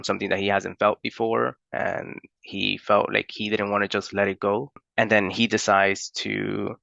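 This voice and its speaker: Young man, personal storytelling, halting, dry muffled recording. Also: lowish voice, gravelly, pushed and bright, dry recording. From Florida. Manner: unhurried, halting with many fillers.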